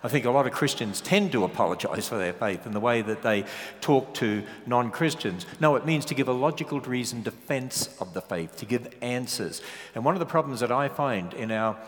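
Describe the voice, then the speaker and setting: A man with an Australian accent, a guest speaker preaching a sermon, animated and full of rhetorical questions and joking asides. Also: mid-range voice, brisk. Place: large church hall. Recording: long hall reverb.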